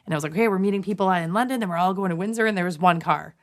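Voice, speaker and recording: A woman in her thirties from Canada talks through a long story in a relaxed interview. Her voice sits a little low, and she winds along with many "um"s and "like"s, acting out what people said to her. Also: very fast. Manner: chatty, full of fillers and quoted asides. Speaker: guest, nurse.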